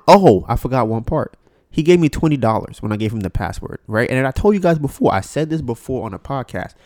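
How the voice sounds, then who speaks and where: Animated man telling a story, dry close sound. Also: mid-range voice, dry recording. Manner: animated, acts out both sides of the story. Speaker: podcast host. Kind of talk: casual storytelling monologue.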